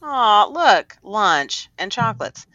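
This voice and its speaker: A woman's voice: mid-range voice, big pitch swings, slow pace, sharp tone, dry recording, dull audio. A woman with a regional accent, a nurse practitioner, chatting casually with a teasing, playful manner. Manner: teasing, playful, laughs often. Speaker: nurse practitioner, podcast co-host. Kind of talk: casual chat.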